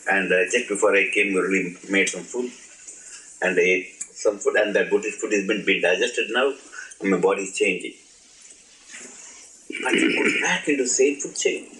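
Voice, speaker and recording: A man's voice: on the low side, a bit bright. A man giving an informal spiritual talk, playful and laughing, asking his audience questions. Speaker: spiritual teacher. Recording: echoey room, old archive recording.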